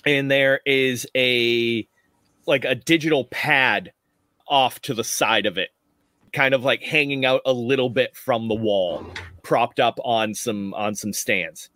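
A man narrating as game master of a tabletop game, relaxed and rambling with frequent laughs. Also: mid-range voice, takes it slowly, no echo.

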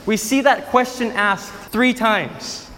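A man's voice: sits high, takes it slowly, sharp tone, in a large hall. A man preaching a sermon, retelling a story with emphatic repetition. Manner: emphatic storytelling, repeats phrases for effect.

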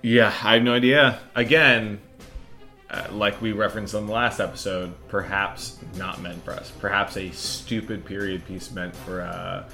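Bright-voiced rambling podcast co-host. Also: female voice, a bass voice, fairly even intonation, normal speed, soft background music. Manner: rambling, hesitant, many restarts and fillers. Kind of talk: casual chat.

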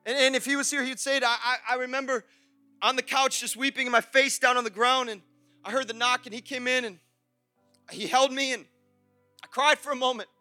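A young man preaches with fervent passion, his voice very high and sharply bright. The sound is close and dry, with soft instruments playing faintly behind him. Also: fairly even intonation, brisk, no echo, soft background music. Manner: passionate, swings from shouting praise to quiet confession. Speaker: pastor. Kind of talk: sermon. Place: church service.

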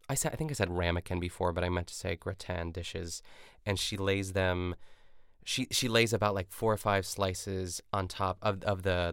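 A man hosting a podcast, casually recapping a cooking show in a rambling way, full of "like" and quick self-corrections. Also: deep voice, gravelly, fairly bright tone, clear, resonant tone, dry recording, clean studio sound. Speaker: podcast host.

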